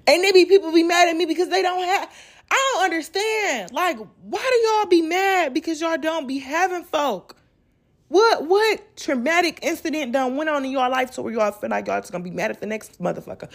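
A woman's voice: high voice, lively intonation, fast. A woman hosting a podcast, ranting casually and bluntly with lots of profanity, acting out what other people say. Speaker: podcast host. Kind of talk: casual rant.

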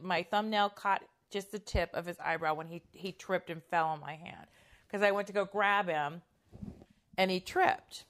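A woman's voice: mid-range voice, measured pace, a bit bright. A middle-aged woman telling a personal story in a casual, candid way, swearing freely and acting out quoted lines.

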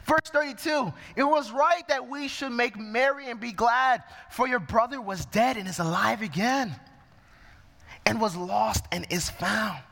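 Man, preacher, sermon, reads scripture verse by verse, bright tone, echoing hall. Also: very high-pitched, unhurried, gravelly.

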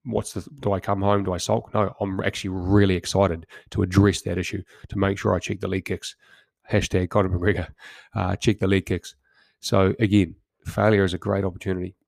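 Low, gravelly man giving motivational pep talk. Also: level tone, brisk, a little mellow, no echo. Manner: direct, punchy exhortations with stumbling repeated words. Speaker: podcast host. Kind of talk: motivational podcast monologue.

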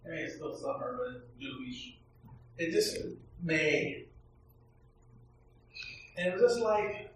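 A man's voice: high-pitched, expressive, slow pace, pauses often, distant mic, a little hiss or hum. A middle-aged male pastor telling a candid, self-deprecating personal story as a sermon in a church. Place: church sanctuary. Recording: echoey church, heard from afar.

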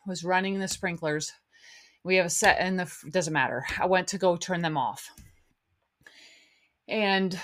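A woman's voice: fairly low pitch, slow, fairly bright tone. A woman hosting a podcast, a little out of breath, telling a rambling story with disgust. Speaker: podcast host.

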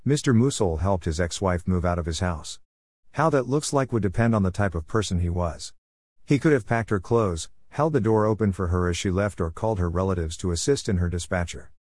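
Male narrator, low voice, reflective and wry, first-person story reading, dry close sound. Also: animated, brisk, a little mellow, no echo.

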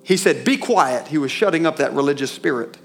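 Emphatic male preacher, fairly high pitch, faint music under, church sermon. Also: fast talker, gravelly. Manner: emphatic, calls for congregation response, folksy asides.

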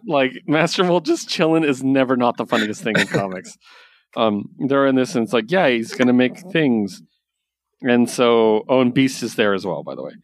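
A man co-hosting a casual podcast, recapping a story with animated storytelling and filler words. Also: mid-range voice, brisk, hardly any pauses, no room sound, studio quality. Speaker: podcast co-host, comic reviewer. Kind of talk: casual chat.

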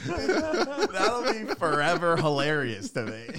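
A man's voice: a little high, huge pitch swings, slow, a loud crowd. A man co-hosting a podcast, chatting casually and laughing easily. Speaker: podcast co-host.

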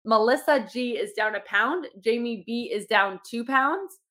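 A woman's voice: a little high, measured pace, pushed and bright. A young woman coaching her fitness clients in casual podcast talk, upbeat and encouraging, with many fillers. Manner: chatty, says "like" a lot.

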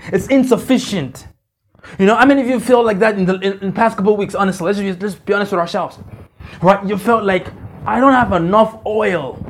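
A male pastor preaching a conversational sermon at a church conference, repeating phrases and checking in with the congregation. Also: high-pitched.

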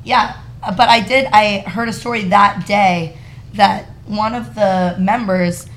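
A woman in her twenties from Florida, a podcast guest telling a story in a lively way, acting out the people she quotes and swearing now and then. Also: mid-range voice, slow pace. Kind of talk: casual storytelling.

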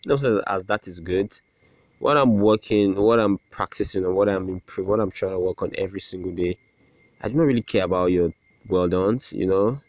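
A young man talks into a close mic in a dry, dead-sounding room, his voice sitting very low. He rambles through his day on a solo podcast, sarcastic and quick to poke fun at himself. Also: a little mellow, no room sound, lo-fi sound. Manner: rambling, sarcastic, self-deprecating, with many restarts. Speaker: podcast host. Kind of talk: casual solo podcast rant.

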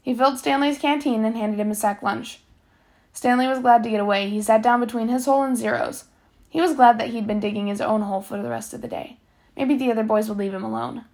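A woman reading a novel aloud, steady, sometimes stumbling and correcting herself. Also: fairly high pitch, fast. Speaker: reader.

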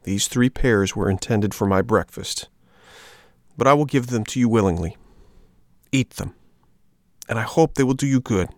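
A patient old father, gently lecturing his boy, as a man voices him. The voice is low and gravelly, calm and steady in a storybook reading. The sound is dry and close. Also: normal speed, pauses often, no room sound, close to an everyday voice.

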